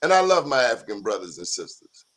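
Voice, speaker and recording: A man's voice: mid-range voice, big pitch swings, fast talker, a bit bright. A man co-hosting a talk show in casual chat, joking and teasing his guest.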